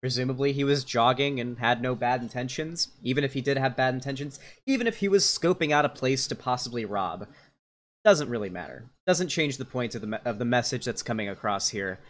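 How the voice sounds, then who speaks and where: A man's voice: medium pitch, lively intonation, fairly quick. A young adult man streaming live, giving casual, rambling reaction commentary full of fillers and restarts.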